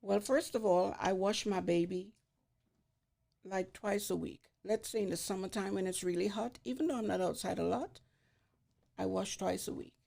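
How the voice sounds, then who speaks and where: Animated woman in her sixties telling stories. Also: medium pitch, normal speed, gravelly. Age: 60s. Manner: animated, acts out voices in her anecdotes. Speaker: guest. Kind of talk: storytelling in conversation. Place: studio beside a barbershop.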